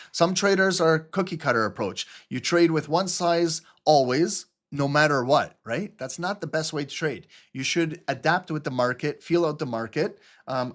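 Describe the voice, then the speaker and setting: A man hosting a live trading stream in loose, casual commentary, chatty and prone to swearing and side jokes. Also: fairly high pitch. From Canada. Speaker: trading livestream host.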